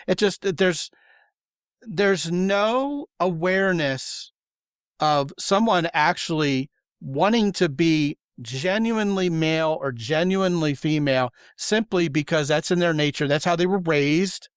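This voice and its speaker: A man hosts a casual podcast, speaking in an emphatic, opinionated way that slips into acted-out quotes. His voice sits a little high for a man. The sound is close and dry, with no room behind him. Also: measured pace, smooth, no echo. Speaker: podcast host.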